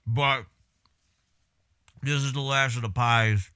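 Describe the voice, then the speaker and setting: A man's voice: on the low side, expressive, a little slow, a bit bright, no room sound, studio quality. A man chatting casually on a livestream, laid-back and swearing freely while he eats.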